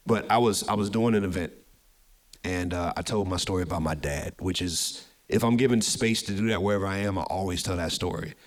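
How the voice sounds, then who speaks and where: A man's voice: low-pitched, fairly quick. A man hosting a live podcast show, telling a personal story with energy, often repeating words as he goes. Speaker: podcast host. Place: live show venue with audience.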